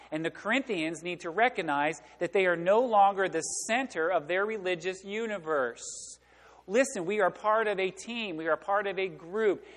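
A man preaching a sermon as pastor, emphatic, often pausing for the congregation to fill in the words. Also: on the high side, a bit bright. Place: church sanctuary. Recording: long church reverb.

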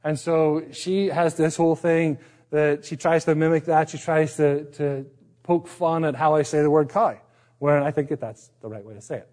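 Here a middle-aged man from Northern Ireland, with an accent that has picked up some American features, preaches as a pastor in a chatty, self-effacing way with frequent restarts. His fairly high, slightly mellow voice keeps a moderate pace and mostly even intonation.

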